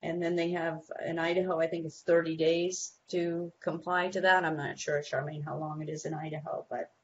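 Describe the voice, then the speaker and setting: A woman with a slightly low voice talks parents through school behavior plans, telling quick stories and acting out what teachers and principals say. The audio is dull and lo-fi, with a faint hiss underneath. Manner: animated storytelling, acts out quoted people. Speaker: guest behavior expert. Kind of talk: advice on a talk show.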